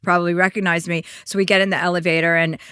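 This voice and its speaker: A woman's voice: fairly low pitch, level tone, very fast, pushed and bright, clear, resonant tone, dry recording, studio quality. A woman in her forties hosting a podcast, chatting casually in a blunt, sarcastic way and swearing freely. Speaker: podcast host. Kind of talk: casual chat.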